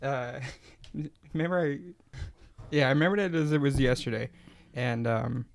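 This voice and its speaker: A man's voice: medium pitch, moderate pace, gravelly. A man in his twenties co-hosting a podcast, telling a rambling story with frequent laughs. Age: 20s. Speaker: podcast co-host. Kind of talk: casual chat.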